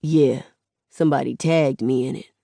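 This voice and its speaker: A protective big brother of about eighteen, matter-of-fact and flat, as a woman reads him in an audiobook. The voice is low and the sound is dry. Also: normal speed, vocal fry, no echo.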